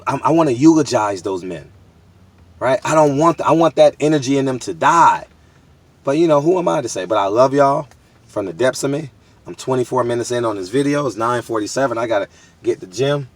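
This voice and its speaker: Man, 30s, from the US, vlog monologue, emphatic, street-casual, repetitive. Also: mid-range voice. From United States. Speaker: boxing media vlogger. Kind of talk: candid monologue to camera.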